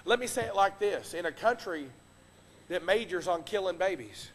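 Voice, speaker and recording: A man preaching a sermon from the pulpit, impassioned, swinging between loud exhortation and hushed earnest tones. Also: high-pitched, expressive, moderate pace. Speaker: pastor. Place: church sanctuary. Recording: long reverb of a church hall.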